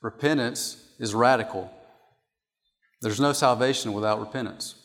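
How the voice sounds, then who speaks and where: A man's voice: mid-range voice, normal speed, a bit bright. A man preaching a sermon from an outline, emphatic and repeating his key points. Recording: long hall reverb.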